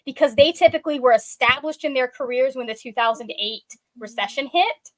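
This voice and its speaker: A woman's voice: high-pitched, brisk, a bit bright. A young woman co-hosting a reading stream, chatting casually in a bubbly, naturally cheerful way. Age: young adult. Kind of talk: casual chat.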